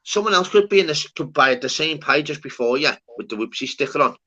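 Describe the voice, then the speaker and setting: A man's voice: fairly high pitch, expressive, a little fast, bright, forceful tone, dull audio. A young adult man with a Scouse accent, hosting a casual, swear-heavy chat full of banter.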